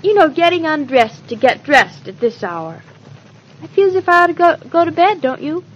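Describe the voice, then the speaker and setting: An actress in 1940s radio acting, playing an earnest, affectionate young newlywed wife with a breathless, wide-eyed manner. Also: female voice, high voice, very animated, moderate pace. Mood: tender. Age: young adult. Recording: dull old radio transcription.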